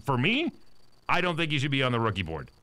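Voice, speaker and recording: A man's voice: mid-range voice, huge pitch swings, fast, sharp tone, no echo. A man with a Canadian accent, hosting a podcast in casual, opinionated, teasing banter. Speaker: podcast host.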